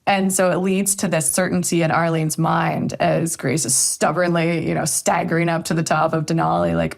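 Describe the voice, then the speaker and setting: A woman author talks through a story as a podcast guest, reflective and thoughtful. Her voice sits fairly low and has a gravelly, fry-tinged edge. She often hedges her points as she goes. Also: flat delivery, normal speed, hardly any pauses. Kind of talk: podcast interview conversation.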